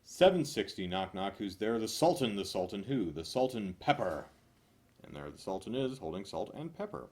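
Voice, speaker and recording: A man reading knock-knock jokes one after another, loud on the punchlines and mumbling his asides. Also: lowish voice, big pitch swings, normal speed. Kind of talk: rapid-fire joke reading.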